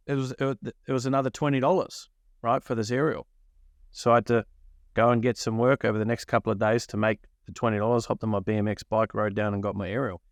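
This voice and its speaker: A middle-aged man from New Zealand hosting a podcast, telling a childhood story in a casual, animated way and acting out the people he quotes. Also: mid-range voice, quick pace, dry recording, clean studio sound. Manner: animated, acts out quoted voices. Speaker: podcast co-host.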